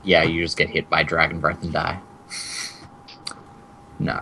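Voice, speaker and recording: Male game master, deep voice with bright edge, casual and joking. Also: monotone, measured pace, long pauses, slight background noise, rough recording. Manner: casual, joking, hesitant fillers. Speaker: dungeon master. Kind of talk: narrating a tabletop game.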